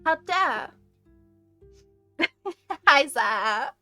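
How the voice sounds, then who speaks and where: A woman's voice: sits high, expressive, slow, sharp tone, dry recording, soft background music. A woman streamer chatting live with her viewers, playful and giggly, laughing often between lines.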